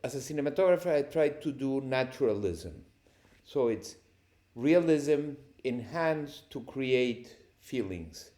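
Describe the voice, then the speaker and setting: A man, a cinematographer guest on a podcast, telling lively anecdotes with frequent laughter. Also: mid-range voice, unhurried. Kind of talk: storytelling interview answers.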